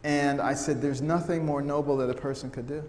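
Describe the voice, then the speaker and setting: A middle-aged American man giving a storytelling talk to an audience, humorous and animated, often acting out the voices of the people he quotes. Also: fairly high pitch, a little fast. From United States. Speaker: speaker giving a testimony talk. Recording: echoey hall sound with faint noise.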